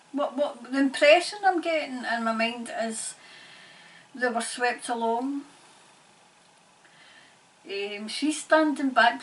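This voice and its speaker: A woman giving a spirit-channelling reading in halting, repetitive, murmured phrases. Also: a little high, fairly bright tone. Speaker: tarot reader and medium. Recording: distant mic, faint background noise.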